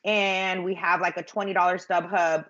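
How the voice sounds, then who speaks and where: A middle-aged woman tells a long personal story on a live phone stream. She sounds chatty and self-mocking, rambles, and fills her talk with fillers. Her voice sits fairly low, and the audio comes through dull and lo-fi. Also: level tone, normal speed, a bit bright. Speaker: vlogger telling a story.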